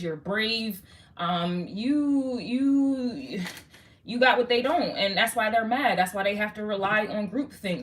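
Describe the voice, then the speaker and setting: Bright-voiced woman doing a tarot reading. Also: fairly high pitch. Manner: slangy, swearing, talks straight to viewer. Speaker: tarot reader.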